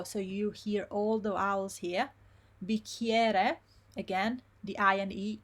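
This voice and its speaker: A woman's voice: mid-range voice, fairly bright tone. Woman teaching pronunciation. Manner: slow, careful modeling of each syllable in pronunciation drills. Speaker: Italian language teacher. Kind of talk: live online language lesson.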